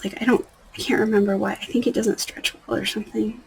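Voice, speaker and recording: A woman's voice: medium pitch, fairly even intonation, fast, breathy edge, poor audio. A young woman chatting casually as she does her nails, rambling and trailing off into near-whispers. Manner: rambling, soft-spoken, drifting into near-whispers. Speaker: nail art vlogger. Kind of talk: casual chat.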